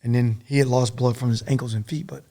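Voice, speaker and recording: Middle-aged male guest: rapid, gravelly, profane storyteller, animated and rambling. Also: medium pitch. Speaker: podcast guest, former soldier. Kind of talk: casual war storytelling.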